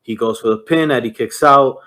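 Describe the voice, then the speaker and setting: This is a young man talking on a podcast in a loose, unscripted way. He narrates action move by move, stumbling over fillers and dropping curse words. His voice sits at an ordinary middle pitch. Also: a little fast, sharp tone. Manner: rambling play-by-play with frequent fillers and cursing. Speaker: podcast co-host. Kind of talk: casual chat recapping a wrestling match.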